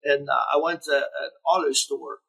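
A man's voice: fairly high pitch, fairly even intonation, moderate pace, creaky, fairly bright tone, breathy edge, low-quality recording. A man from eastern Ohio with a Pittsburgh-area accent, talking in an easygoing, rambling way as a guest in an interview. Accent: Pittsburgh-area (Yinzer). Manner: rambling, easygoing, many fillers. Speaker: guest musician. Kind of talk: casual interview chat.

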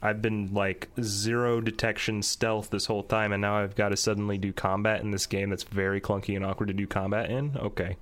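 A man chatting casually about a video game, thoughtful and measured, laughing at himself now and then. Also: on the low side, little pitch movement, fairly bright tone. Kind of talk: casual gaming chat.

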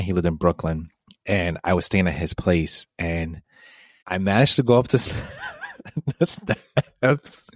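A man's voice: fairly low pitch, no room sound. A young man from a Puerto Rican family, co-hosting a podcast and telling a story in a laughing, casual way. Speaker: podcast co-host. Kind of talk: casual chat. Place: home, sitting face to face.

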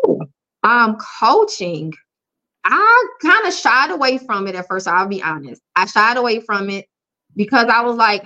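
A woman's voice: fairly high pitch, big pitch swings, unhurried, bright, forceful tone. A woman life coach speaking frankly and openly in an interview. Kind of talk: candid conversational interview. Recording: dull lo-fi audio.

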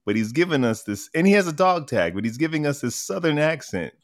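A man's voice: a little high, big pitch swings, a little fast. A man hosting a pop culture podcast, talking in an upbeat, teasing, chatty way. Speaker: podcast host. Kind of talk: casual chat.

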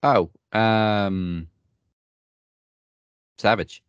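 A man answering wrestling trivia in a casual podcast chat, laid-back and quick to laugh. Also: on the low side, clear, resonant tone, no echo, dull audio. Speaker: trivia contestant.

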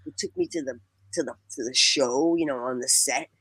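Woman telling a lively story. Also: rumbling low, fairly quick, slightly rough, no room sound, poor audio. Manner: animated, laughing often, quotes people; many fillers and restarts. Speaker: guest. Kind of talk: casual storytelling.

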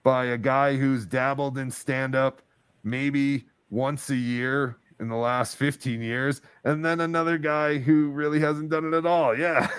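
Man, live-stream host, casual chat, joking, mock-indignant, mid-pitched voice. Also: clear, resonant tone, no room sound.

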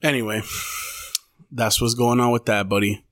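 A man's voice: mid-range voice, steady tone, moderate pace, background noise. A man co-hosting a podcast in loose, profane casual chat. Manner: loose, profane, retells comedy bits. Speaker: podcast co-host.

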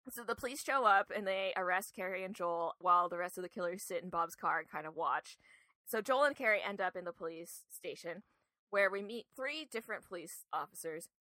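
A woman's voice: on the low side, animated, brisk, pushed and bright, no room sound. A woman co-hosting a podcast, casually recapping a film and animatedly acting out characters' lines as she retells it. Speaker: podcast co-host.

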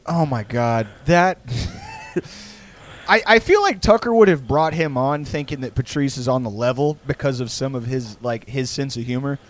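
A man in casual podcast chat, rambling with lots of fillers, swearing and laughing often. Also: mid-range voice.

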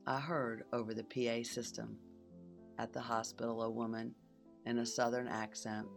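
Woman telling her own story, soft almost whispery, bit of gravel in her voice. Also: extremely low pitch, little pitch movement, normal speed, faint music behind. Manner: soft and intimate, drops to a whisper at times. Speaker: podcast host. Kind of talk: personal reflective narration.

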